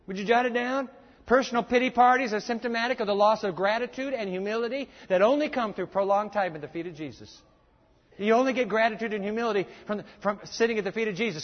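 A man's voice: high-pitched, brisk. A man preaching a sermon, emphatic, repeating his points and telling listeners to jot them down. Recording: echoey dull lo-fi hall recording.

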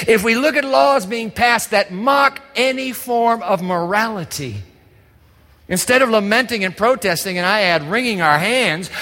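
A man's voice: high voice, fairly bright tone. A man preaching a sermon as pastor, pleading and asking the listeners questions. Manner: impassioned preaching with rhetorical questions. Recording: long reverb of a large hall.

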